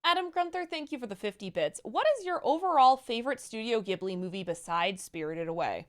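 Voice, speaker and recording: A woman's voice: fairly high pitch, animated. A woman co-hosting a casual livestream, reading viewer messages aloud and chatting with a laugh. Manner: reads donor messages aloud with quick laughs.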